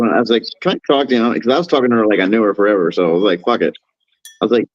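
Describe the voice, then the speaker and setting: A man telling a rambling, profane story on a podcast, acting out quotes in a higher voice. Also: rapid-fire. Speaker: podcast co-host. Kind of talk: casual storytelling chat. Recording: dull lo-fi sound.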